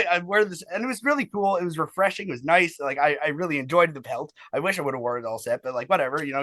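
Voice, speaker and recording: Band frontman, male, loose and profane, filler-heavy, slightly high voice, dry close sound. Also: pushed and bright, no echo. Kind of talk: casual storytelling interview.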